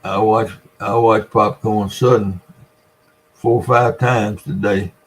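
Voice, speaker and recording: A man's voice: lowish voice, steady tone, slow pace, slight background noise, rough recording. An older man with a Southern US accent, rambling through folksy stories in a casual livestream and chatting with his viewers. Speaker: livestream host. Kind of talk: casual livestream chat, reading viewer comments.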